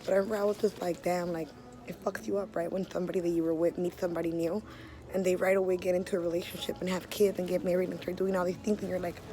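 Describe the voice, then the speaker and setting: A young woman from the Los area, an artist telling her own story in blunt, profane words, loud one moment and hushed the next. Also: lowish voice, level tone, racing. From Los Angeles area. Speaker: street artist. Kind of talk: candid personal storytelling.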